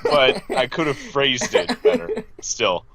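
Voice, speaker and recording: A man's voice: mid-range voice, wildly swooping pitch, slow pace, a crowd in the background. A man co-hosting a casual recap podcast, making dry jokes and reading out contestant profiles. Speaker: podcast co-host.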